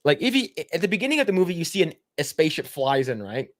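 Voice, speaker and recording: A man's voice: on the high side, big pitch swings, fast, dry recording, studio quality. A man hosting a casual podcast, reading chat comments aloud and rambling with frequent swearing and laughter. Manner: rambling, profane, laughs often.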